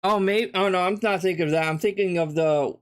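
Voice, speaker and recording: Male streamer, somewhat high-pitched, blunt and sneering in casual commentary. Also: brisk, clean tone. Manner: blunt, mocking, swears often. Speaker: streamer reacting to a video.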